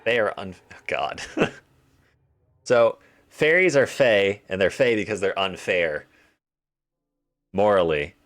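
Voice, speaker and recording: A man's voice: on the low side, expressive, slow pace, long pauses, fairly bright tone. A young man streaming a game live, rambling and joking to himself and to his chat. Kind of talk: casual live-stream commentary.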